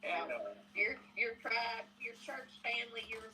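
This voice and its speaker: Bright supportive woman. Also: fairly high pitch, low-quality recording. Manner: supportive, halting. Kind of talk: casual chat.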